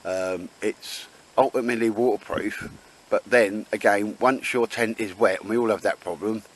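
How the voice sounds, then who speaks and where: Brief: outdoors vlogger, low-voiced man, joking banter, casual chat. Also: fairly even intonation, normal speed, rough recording. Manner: jokey, teasing banter. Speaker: bushcraft vlogger. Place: woods outdoors.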